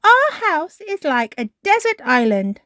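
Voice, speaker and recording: A woman voicing a bubbly, slightly bossy little girl piglet in a high, excited child voice for a storybook reading. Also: slow pace, no room sound, studio quality, full character voice.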